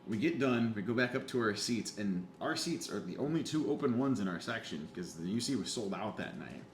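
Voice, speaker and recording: A man's voice: fairly low pitch, a little fast. Guy telling a story, swearing. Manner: animated, swears freely, acts out quotes. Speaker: podcast guest. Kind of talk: casual storytelling chat. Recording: echoey room with faint hum.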